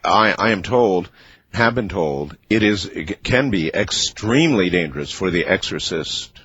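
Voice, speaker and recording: A male talk radio host with a very low, husky voice, heard as dull lo-fi broadcast audio. He interviews his guest in a halting way and murmurs short acknowledgments while he listens. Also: lively intonation, fairly bright tone, no echo. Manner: halting questions, with many brief murmured acknowledgments. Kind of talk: late-night radio interview.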